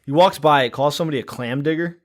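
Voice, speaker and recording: A man's voice: on the high side, quick pace. A man co-hosting a podcast in casual chat, wry and joking, swearing casually. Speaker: podcast co-host.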